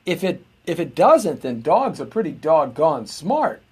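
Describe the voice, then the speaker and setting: Husky-voiced man rambling on a live show. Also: a little high, big pitch swings, measured pace, a little mellow. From United States. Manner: meandering, chatty, frequent filler words and self-interruptions. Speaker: host. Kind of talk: rambling live-stream monologue.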